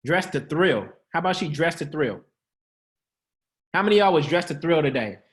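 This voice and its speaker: Joking, laughing a lot and quizzing his audience, a man leads a casual, slangy motivational teaching session online in a church style. He talks at normal speed in a slightly high voice with lively intonation.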